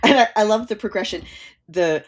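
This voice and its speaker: A woman's voice: mid-range voice, fairly quick. A woman co-hosting a casual TV recap podcast, chatting with laughter and dramatic quote readings. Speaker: podcast co-host.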